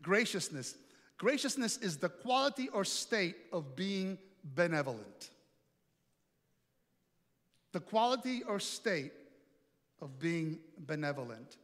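High-voiced preacher in a reverberant hall. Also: male voice, sing-song, takes it slowly, long pauses, a bit bright. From Italy. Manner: storytelling, playful, asks the audience questions. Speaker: pastor. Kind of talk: sermon. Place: large hall with an audience.

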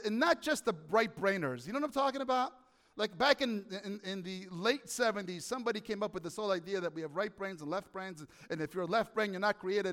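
A male pastor preaching a sermon in a church, animated, often asking the congregation questions. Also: high-pitched, in a large hall.

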